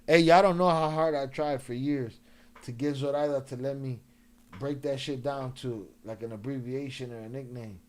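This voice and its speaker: A man's voice: medium pitch, steady tone, normal speed. Loose, laughing live-stream host, male. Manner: loose, joking slang talk, laughing often. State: a few drinks in. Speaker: livestream host. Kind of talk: casual live-stream chat.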